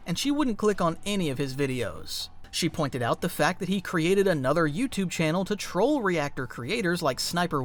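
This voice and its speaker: Lively scripted documentary narrator. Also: medium pitch. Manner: punchy, conversational storytelling.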